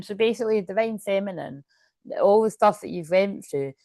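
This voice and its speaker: A woman's voice: medium pitch, normal speed, dark tone, no echo. Woman doing a tarot reading, kinda rambly, talks to herself a lot, dry close sound. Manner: chatty, rambling, self-interrupting with laughs. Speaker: tarot card reader. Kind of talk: casual tarot reading to camera.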